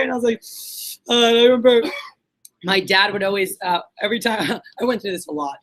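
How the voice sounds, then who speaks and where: A woman's voice: mid-range voice, a little fast. A woman in her late twenties from Puerto Rico, giving a candid personal talk at an event and acting out quotes as she tells her story. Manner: candid, animated storytelling with fillers and acted quotes. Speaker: speaker. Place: event hall.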